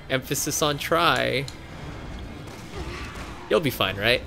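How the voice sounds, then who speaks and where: This young co-op gameplay streamer has a slightly high voice and talks at a normal speed over faint music. He commentates casually with excitable laughter and swearing, letting out a yelp each time his character is hit.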